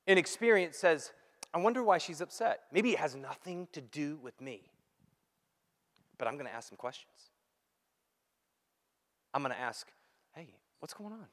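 A fairly high-voiced man preaches in a big hall with a long reverb tail. He acts out quoted exchanges and swings from loud bursts to hushed asides. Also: normal speed, long pauses. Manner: animated, acts out quoted dialogue. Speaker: pastor. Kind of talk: sermon.

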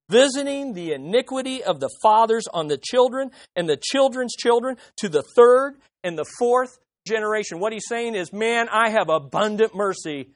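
A woman's voice: on the high side, expressive, moderate pace, hardly any pauses, no room sound, studio quality. Emphatic woman preaching a sermon. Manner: emphatic, swings from loud to hushed.

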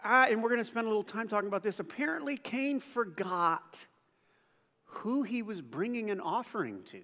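A man's voice: high-pitched, expressive, normal speed, sharp tone. A man preaching a sermon as pastor, talking conversationally, asking the congregation questions and acting out quoted voices. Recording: church hall with long reverb.

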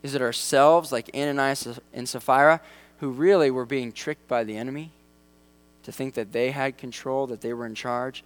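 A man preaching a sermon in a conversational way, with lively asides and acted-out voices. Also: mid-range voice, moderate pace. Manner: conversational, acts out quoted voices. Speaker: pastor.

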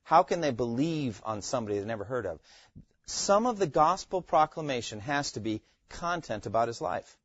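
A man's voice: mid-range voice, very animated, normal speed, breathy edge, dry recording, dull audio. A man teaching a Bible class, quizzing his students and repeating key phrases.

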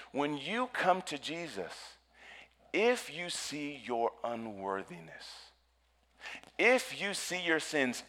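Male pastor preaching, mid-pitched voice, dynamic swings from loud to hushed, drawn-out emphasis. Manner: slows and stretches words for emphasis. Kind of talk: sermon.

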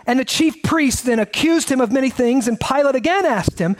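A man's voice: very high-pitched, moderate pace. A pastor preaching a sermon in a conversational way, asking his listeners many rhetorical questions.

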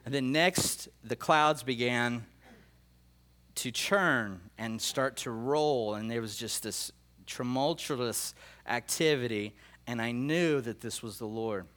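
An earnest middle-aged man preaching to his congregation, his voice sitting at an ordinary middle pitch. He tells his dreams with feeling, stopping to restart and repeat phrases as the emotion catches him. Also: takes it slowly, fairly bright tone. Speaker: pastor. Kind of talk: sermon sharing prophetic dreams.

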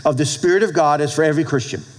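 A male pastor preaching a sermon to his congregation, animated, with call-and-response asides. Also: fairly high pitch, rapid-fire, rough recording. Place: church with a congregation.

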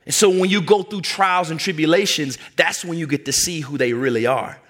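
A male preacher delivering a sermon with a bright, forceful voice set a little above the usual male pitch. He talks emphatically, in a conversational way, and tells stories as he preaches. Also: a little fast.

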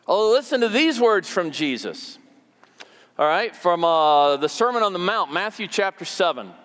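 A man's voice: high voice, very animated, moderate pace, fairly bright tone, long reverb tail. A man preaching a sermon as pastor, conversational and repeating words for emphasis.

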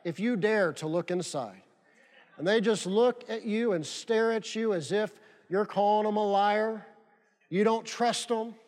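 A man's voice: high-pitched, measured pace, a little mellow. A male pastor preaching a sermon, emphatic and fond of repeating key phrases for stress. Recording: long reverb of a large hall.

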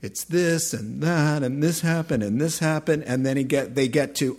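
A man preaching a sermon in a conversational, animated way, acting out short voices as he tells stories. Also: a little high, moderate pace, few pauses. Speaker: pastor.

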